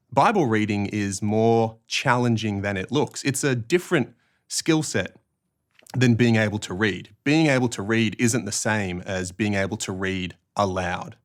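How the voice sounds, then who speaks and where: A man with an Australian accent giving a measured, clearly phrased instructional talk on reading aloud in church. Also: lowish voice. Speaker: church ministry trainer.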